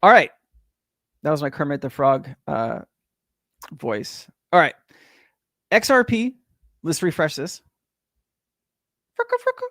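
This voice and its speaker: A man's voice: fairly high pitch, big pitch swings, measured pace, long pauses, a bit bright, no room sound, clean studio sound. A man hosting a casual crypto livestream, rambling and chatty with lots of fillers and restarts.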